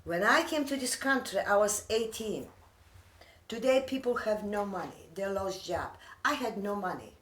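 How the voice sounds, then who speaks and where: A woman's voice: medium pitch, expressive, normal speed, a bit bright. Earnest older immigrant woman, echoey. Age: 60s. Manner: earnest, broken English, heartfelt. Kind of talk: emotional personal talk. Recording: echoey room, mic far off.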